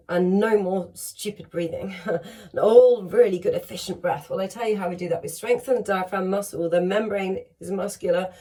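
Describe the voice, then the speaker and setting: A woman's voice: lowish voice, darkish tone. A woman teaching a singing lesson on breathing, upbeat and encouraging, talking straight to her students and showing each exercise.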